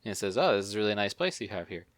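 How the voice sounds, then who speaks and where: A man's voice: fairly low pitch, sing-song, racing, dry recording. A man co-hosting a casual movie review podcast, talking in a dry, understated way. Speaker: podcast co-host.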